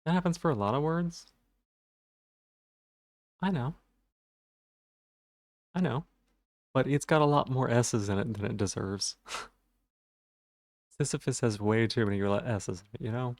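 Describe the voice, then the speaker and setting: Male game streamer, stutters on some words, rambling and self-deprecating, middle-pitched voice. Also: unhurried, long pauses, darkish tone, no echo, studio quality. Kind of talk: casual live-stream chat.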